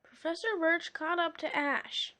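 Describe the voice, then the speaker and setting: A woman reads a children's storybook aloud at an unhurried pace, her voice high. She keeps stopping for chatty, amused asides. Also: bright, forceful tone. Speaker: reader.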